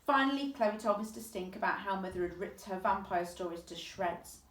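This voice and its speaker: Brief: expressive woman storyteller reading aloud, lively voice, echoey room. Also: medium pitch, moderate pace. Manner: expressive storytelling with vivid emphasis. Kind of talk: reading a children's book aloud. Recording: echoey room, distant mic.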